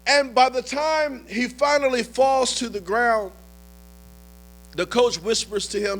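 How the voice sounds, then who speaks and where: A male pastor delivers a storytelling sermon in a strikingly high, forceful voice that climbs into impassioned shouts. Soft music plays faintly underneath. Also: unhurried.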